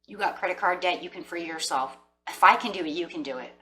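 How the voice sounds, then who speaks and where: Low, forceful woman tarot reader. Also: fast, far from the mic, low-quality recording. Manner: earnest, encouraging, talks straight to viewers. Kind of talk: casual motivational tarot reading.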